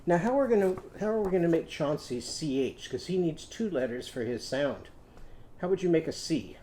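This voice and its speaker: A man teaching a phonics lesson to young children, telling a story in a gentle sing-song way and leading chants and hand motions. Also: on the high side, expressive, moderate pace. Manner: leads call-and-response chants and hand motions.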